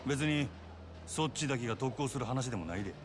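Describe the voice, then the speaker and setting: A man's voice: medium pitch, animated, rapid-fire, background noise, close to an everyday voice. An actor voicing a shrewd male yakuza club manager in a game, with an easygoing, persuasive Kansai Japanese accent. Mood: smooth bargaining. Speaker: game character. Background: game music.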